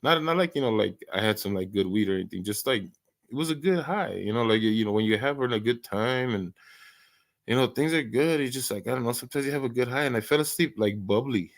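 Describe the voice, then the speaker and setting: A man's voice: mid-range voice, quick pace. A man hosting an early-morning live stream, chatting casually, rambling and stammering through many restarts and laughing often.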